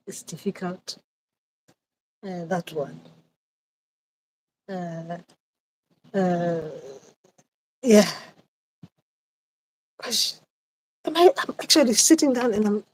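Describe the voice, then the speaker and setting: A woman's voice: medium pitch, darkish tone, slight background noise, poor audio. Hesitant woman chatting live outdoors. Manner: hesitant and reflective, many pauses and repeated phrases. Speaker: spiritual advisor hosting a live chat. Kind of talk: casual livestream chat.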